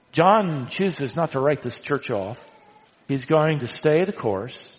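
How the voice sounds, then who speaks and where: A man preaching a sermon, swinging from loud emphatic lines to hushed, quiet ones. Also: fairly high pitch, slow pace, in a large hall, poor audio. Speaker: pastor.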